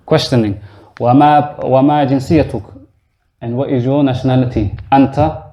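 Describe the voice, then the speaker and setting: A man's voice: medium pitch, steady tone, moderate pace, muffled recording. A male teacher giving a classroom lesson to beginners, explaining step by step and quizzing his students as he goes. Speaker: Arabic teacher. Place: mosque classroom.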